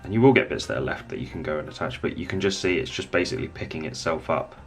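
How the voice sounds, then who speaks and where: Deep-voiced man teaching miniature painting. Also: fast, creaky, faint music behind. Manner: relaxed, rambling, thinks aloud while working. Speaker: painting tutor. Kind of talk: casual hobby tutorial.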